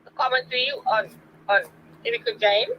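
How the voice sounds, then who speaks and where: A woman's voice: on the high side, fairly even intonation, a little fast, muffled recording, a little hiss or hum. A woman calling in to a live stream, drunk, rambling and repeating herself as she confronts the host. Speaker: stream guest caller.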